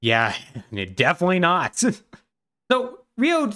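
A man co-hosting a podcast, retelling a game's story in animated, casual chat full of "like". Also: sits high, takes it slowly. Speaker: podcast co-host.

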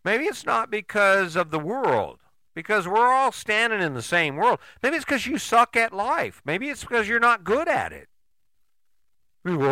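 Older male podcast host, blunt and profane, animated pitch, crisp voice. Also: measured pace, dry recording. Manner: blunt, swearing, rhetorical questions. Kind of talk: motivational monologue.

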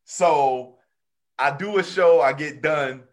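A somewhat high-voiced man in casual talk, spinning comedy anecdotes. He acts out the people in his stories, jumping up in pitch for their lines. He is a stand-up comedian from North Carolina. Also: takes it slowly. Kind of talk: casual conversation, storytelling.

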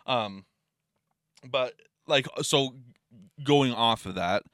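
A man's voice: medium pitch, extremely slow, fairly bright tone, dry recording, clean studio sound. A man co-hosting a podcast in casual, rambling chat, full of fillers and swearing.

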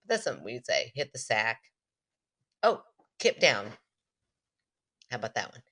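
Woman, podcast co-host, casual chat, teasing, low voice, swooping pitch. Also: very animated, fairly quick, fairly bright tone, husky. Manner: playful, teasing, laughs often.

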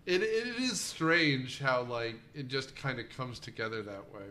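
A man's voice: medium pitch, very animated, a little slow, bright, forceful tone. A man in his thirties co-hosting a movie podcast, rambling and crude in casual chat. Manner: rambling, crude, self-interrupting. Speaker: podcast co-host.

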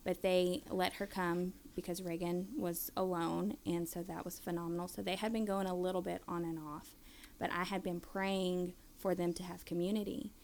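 A woman's voice: lowish voice, level tone, normal speed, vocal fry, a little mellow, slight background noise. A woman in her thirties telling a family story casually and animatedly, acting out her kids' voices.

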